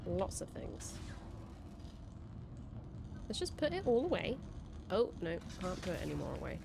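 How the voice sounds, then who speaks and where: A woman giving casual, excitable let's-play commentary, chattering to herself and to the creatures she meets. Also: lowish voice, measured pace, creaky, noisy background. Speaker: game streamer. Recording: game music under voice. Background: game music.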